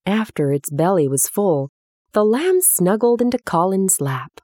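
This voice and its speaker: Woman storybook narrator, measured and lowish, dry booth sound. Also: mellow, no room sound. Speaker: audiobook narrator.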